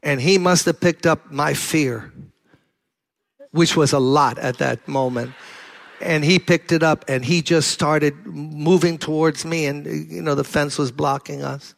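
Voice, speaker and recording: A man's voice: fairly high pitch, steady tone, unhurried, gravelly. An older man, a pastor preaching a sermon in a conversational storytelling manner that builds to emphatic exhortation. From Brooklyn, New York.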